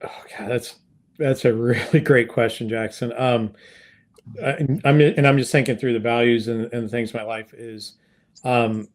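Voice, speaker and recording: A man's voice: medium pitch, a little mellow. A man guest on an interview podcast, talking casually with many fillers and restarts as he tells a story. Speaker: podcast guest, sales consultant.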